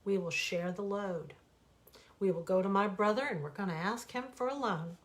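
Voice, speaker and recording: A woman voicing a proud, ashamed father rabbit in a storybook reading, speaking in a stubborn, halting way. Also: medium pitch, lightly acted. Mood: determined.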